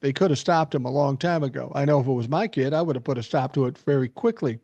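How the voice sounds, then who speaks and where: A man's voice: mid-range voice, fast talker, creaky, mellow, dry recording, dull audio. An older man hosting a podcast, laying out a story at length and giving strong opinions in casual chat. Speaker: podcast host.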